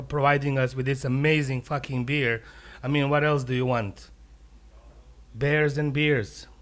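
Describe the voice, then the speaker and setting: A male comedian telling jokes live in a brewery taproom, animated and profane. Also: a little high.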